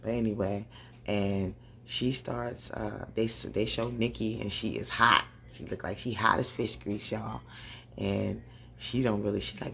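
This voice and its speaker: A woman doing a casual, animated recap of a TV episode, talking straight to her viewers and laughing often. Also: a bass voice, moderate pace, vocal fry, slight background noise. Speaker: TV recap vlogger. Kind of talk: casual chatty show recap.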